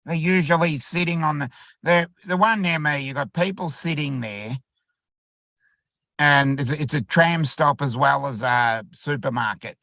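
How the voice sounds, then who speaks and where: A man co-hosting a livestream in casual chat, halting and repeating words as he goes. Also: a little high, sharp tone.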